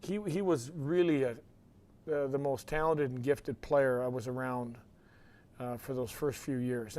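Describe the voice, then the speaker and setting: A man, a former teammate, recalling a player in a halting, searching way. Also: mid-range voice. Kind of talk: reminiscing interview.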